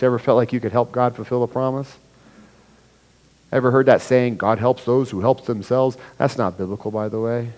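A man's voice: mid-range voice, fairly even intonation, moderate pace, a little mellow. A male pastor preaching a sermon, explaining scripture verse by verse and acting out the quoted dialogue. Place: church sanctuary. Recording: long hall reverb.

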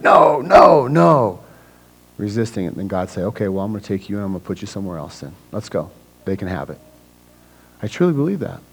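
A man preaching to his church in a conversational way, often acting out little scenes with other people's voices. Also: low-quality recording. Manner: conversational preaching, acts out voices of people with big swings in pitch and loudness. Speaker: pastor. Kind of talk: sermon.

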